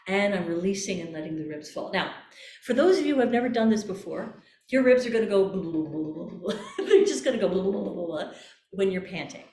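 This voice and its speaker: A woman voice coach calmly guiding a breathing exercise, repeating gentle cues. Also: medium pitch, fast talker. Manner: calm, coaxing, repeats cues. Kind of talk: guided breathing exercise instruction. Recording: echoey room.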